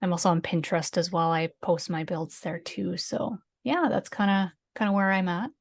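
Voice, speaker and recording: A woman's voice: fairly low pitch, moderate pace, vocal fry. Woman, Canadian accent, podcast guest, easygoing, hedging, laughs often. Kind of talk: casual podcast chat.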